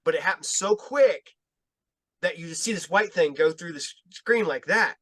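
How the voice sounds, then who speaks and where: A man with a fairly high voice spins loose, profane stories, laughing often and getting animated as he acts out what people said. The sound is close and dry, with no room around it. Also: normal speed, dry recording. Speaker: guest filmmaker. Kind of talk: casual storytelling chat.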